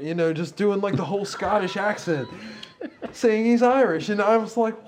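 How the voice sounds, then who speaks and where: A man's voice: high voice, animated, moderate pace, darkish tone, slight background noise. A man co-hosting a casual chat about movies, rambling and amused, laughing often.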